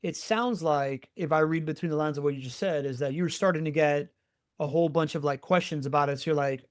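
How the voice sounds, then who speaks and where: A man's voice: on the high side, brisk, no room sound, clean studio sound. A man hosting a podcast interview, encouraging his guest and asking follow-up questions in a casual way. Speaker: podcast host.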